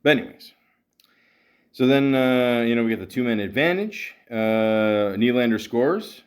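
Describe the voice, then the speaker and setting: A middle-aged man from Canada hosts a podcast in loose, rambling talk about hockey. He swears freely and trips over his words with fillers and restarts. His voice sits at an ordinary pitch for a man. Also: lively intonation, unhurried. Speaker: podcast host.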